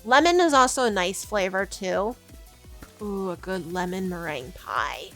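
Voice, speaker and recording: A woman's voice: mid-range voice, lively intonation, a little slow, a bit bright, soft background music. A young adult woman streamer chatting casually to her viewers, giggly and rambling, often restarting her sentences. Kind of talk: casual livestream chat with chat.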